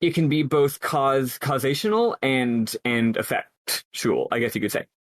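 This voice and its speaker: Man, podcast co-host, casual discussion, mid-pitched, rambling with fillers, dry close sound. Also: measured pace, no room sound. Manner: thoughtful, rambling with many fillers.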